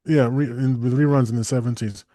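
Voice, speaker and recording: A man co-hosting a casual talk show, animated, often laughing and acting out bits. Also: medium pitch, brisk, no room sound, clean studio sound. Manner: animated, laughs often, acts out silly voices. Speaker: co-host. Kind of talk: casual chat.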